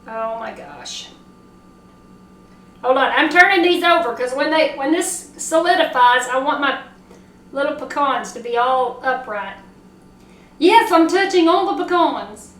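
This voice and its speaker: Chatty Southern woman baking in a kitchen. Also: high-pitched. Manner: chatty, excitable, talks to herself while working. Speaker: cooking show host. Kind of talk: casual cooking demo. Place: home kitchen. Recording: echoey kitchen, mic at a distance.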